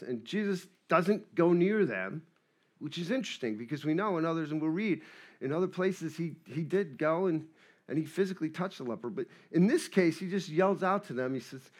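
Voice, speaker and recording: A man preaching a sermon in a conversational way, moving between hushed and emphatic passages. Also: on the high side, lively intonation, moderate pace. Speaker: pastor.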